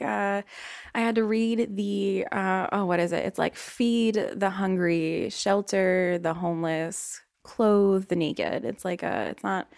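A woman's voice: mid-range voice, vocal fry, no room sound. Young woman podcast host from Virginia, self-deprecating and profane, dry recording. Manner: rambling, profane, self-deprecating, many fillers. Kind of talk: casual storytelling chat.

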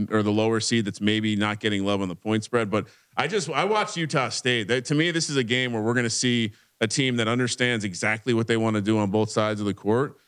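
A man's voice: lowish voice, fairly bright tone, smooth. A man hosting a sports betting podcast, chatting casually and rambling through game picks and point spreads. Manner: rambling, restarts often, reads betting lines. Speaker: podcast host.

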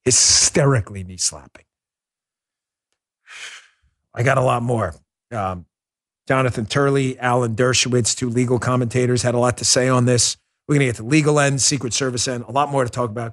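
A man's voice: medium pitch, fairly even intonation, a little fast. A man hosting a political talk show, lecturing listeners in an emphatic, urgent way. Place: Florida.

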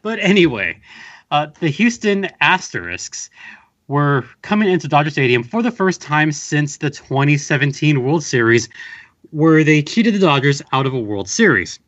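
A man's voice: a little high, sing-song, moderate pace, a bit bright, dull audio. A man from Southern California chatting casually on a podcast, telling a rambling, wry story full of fillers. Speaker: podcast host guest. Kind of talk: casual chat.

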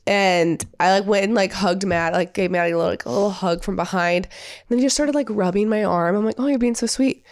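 A woman's voice: medium pitch, fast, no room sound, clean studio sound. A young woman co-hosting a podcast, telling stories in a bubbly, casual way, full of "like". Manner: bubbly storyteller, many "like" fillers. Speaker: podcast co-host. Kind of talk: casual chat.

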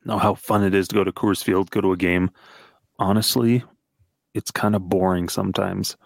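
A man's voice: low voice, fairly even intonation, normal speed, creaky, dry recording. A young man co-hosting a casual sports podcast, talking loosely with many fillers and restarts. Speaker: podcast co-host.

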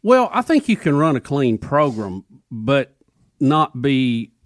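A man's voice: mid-range voice, very animated, slow pace, dry recording, studio quality. A man from Alabama with a Southern country accent, co-hosting a sports talk show in a chatty way and chuckling often. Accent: Southern American country. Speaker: radio co-host.

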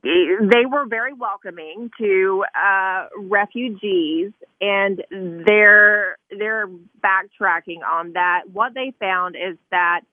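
A woman's voice: medium pitch, takes it slowly, hardly any pauses, dry recording. A woman with a Tennessee accent, a correspondent speaking as a guest on a radio show, earnest with many fillers. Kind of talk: remote radio interview. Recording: tinny phone line.

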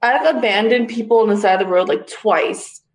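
A woman's voice: mid-range voice, moderate pace, crowd noise. A young woman telling a story in casual chat, blunt and full of swearing.

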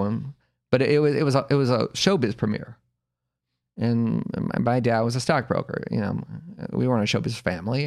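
Lively man telling a funny story. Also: mid-range voice, gravelly. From Los Angeles area. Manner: animated anecdote teller, acts out quoted voices, laughs often. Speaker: podcast guest telling a story. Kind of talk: casual storytelling.

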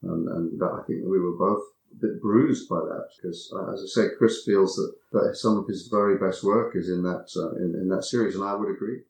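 A man being interviewed about his acting work, telling anecdotes in a reflective, halting way and often repeating words as he thinks. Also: sits low, steady tone, creaky, darkish tone, slight background noise. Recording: roomy echo.

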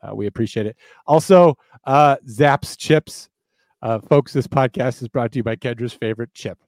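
A man's voice: medium pitch, moderate pace, a little mellow, no room sound. A man co-hosting a podcast, doing playful, overplayed ad reads in a casual, joking way. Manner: jokey, overplayed sales energy. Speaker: podcast co-host reading ads.

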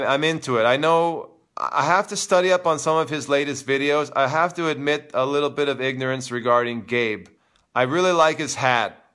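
Guy hosting a live tennis talk show, bright crisp voice, opinionated, jumps up high when he teases viewers. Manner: animated, opinionated, teasing; answers viewer comments.

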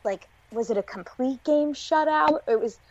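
A woman's voice: high voice, normal speed, dry recording, lo-fi sound. A woman co-hosting a podcast, chatting animatedly with frequent laughs and quips. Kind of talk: casual podcast chat.

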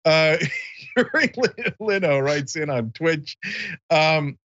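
A man hosting a casual podcast, bantering and reading viewer comments, often jumping into high mock voices. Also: slow, lo-fi sound. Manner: animated, jumps into high mock voices for quotes. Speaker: show host.

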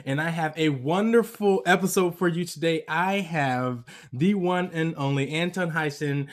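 A man's voice: on the high side, fairly even intonation, normal speed, hardly any pauses. A man hosting a sports podcast, chatting casually with his guest and laughing often. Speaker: podcast host. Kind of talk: casual interview chat. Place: US West Coast.

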